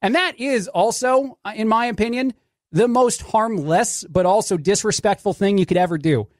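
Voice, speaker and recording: A man's voice: high-pitched, moderate pace, no room sound, studio quality. A man filling in as a radio talk show host, rambling sarcastically through a casual monologue. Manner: sarcastic, rambling, restarts often.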